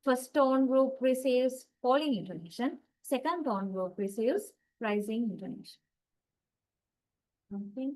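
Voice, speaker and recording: A woman with a fairly high voice teaches a university lecture. She explains each point step by step and often checks in with the class. She also says example sentences aloud to show how they sound. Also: expressive, a little slow, darkish tone, low-quality recording. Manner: demonstrates intonation with spoken examples.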